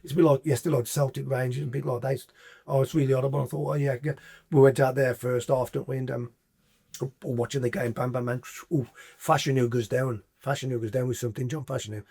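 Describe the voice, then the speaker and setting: A man in his sixties with a Black Country accent, a podcast guest telling lively sweary anecdotes with sound effects. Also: mid-range voice, fast, gravelly, slightly rough. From English Black Country. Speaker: podcast guest, former footballer. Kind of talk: casual storytelling.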